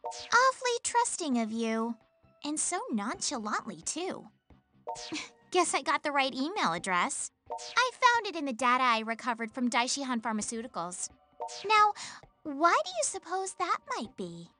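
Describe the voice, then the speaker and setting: A woman voicing a cool, scheming young idol in a video game, who talks in a teasing, condescending, measured way. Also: high voice, big pitch swings, bright, forceful tone, soft background music, exaggerated voice. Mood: coolly taunting.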